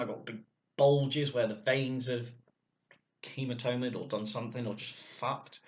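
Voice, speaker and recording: Gruff blunt man, lo-fi. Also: medium pitch, a bit bright. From Cornwall, England. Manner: blunt, swears freely. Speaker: vlogger. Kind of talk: casual personal storytelling. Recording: dull lo-fi sound.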